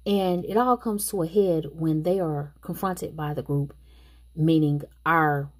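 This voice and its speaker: A woman's voice: lowish voice, a little mellow, slightly rough. A woman casually recapping a movie plot and chatting her opinions straight to the viewers. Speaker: movie reviewer.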